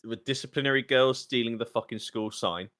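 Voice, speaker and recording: A young Englishman co-hosting a casual podcast chat, animated and sweary, laughing as he rants about a film. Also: medium pitch, a little fast. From England. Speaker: podcast co-host.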